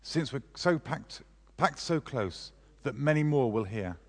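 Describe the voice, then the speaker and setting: A man's voice: medium pitch, lively intonation, a little slow. A man reading aloud the lines of a devout young woman who speaks earnestly and encouragingly, in a large echoing hall. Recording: long reverb of a large hall.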